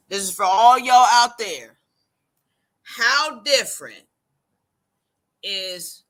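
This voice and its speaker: Co-host, woman, slow and bright, stumbles into her questions. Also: fairly low pitch. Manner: stammering starts, rhetorical questions. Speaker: podcast co-host. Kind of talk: casual chat.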